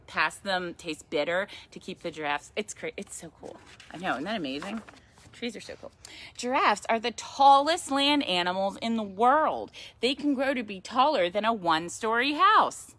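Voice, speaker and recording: Animated woman reading a children's story. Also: medium pitch. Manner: animated, chatty and playful. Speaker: yoga teacher reading to a child.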